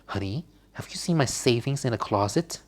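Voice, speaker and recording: A man's voice: mid-range voice, expressive, normal speed, lightly acted. A man voicing a wronged wife in a game, speaking in a raised, upset way. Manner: upset, pleading. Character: stern grown woman, a wronged, tearful wife.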